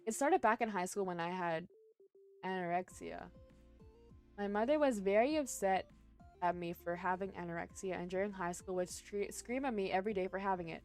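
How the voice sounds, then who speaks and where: A woman streamer reading online posts aloud and reacting to them, breaking into loud cursing outbursts between passages. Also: mid-range voice, moderate pace, faint music behind.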